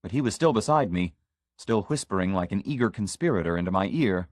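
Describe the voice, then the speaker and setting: A man narrating a literary short story in the first person, measured and reflective. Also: deep voice, expressive, a little mellow, no room sound, clean studio sound. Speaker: audiobook narrator.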